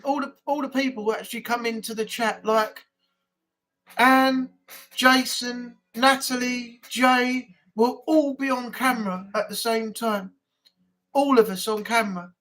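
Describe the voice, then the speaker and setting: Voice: medium pitch, a bit bright. Rambling northern English livestream host. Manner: rambling, repeats words, many fillers. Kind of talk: casual live chat.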